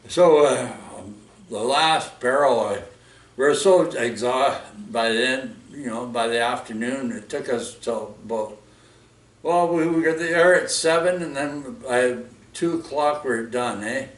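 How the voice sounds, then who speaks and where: A man telling a long work story casually, rambling with restarts and constant "right?" and "eh?" tags. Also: medium pitch. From Canada. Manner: rambling, full of restarts and tag questions like "right?" and "eh?". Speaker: vlog storyteller. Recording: roomy echo, voice distant from mic.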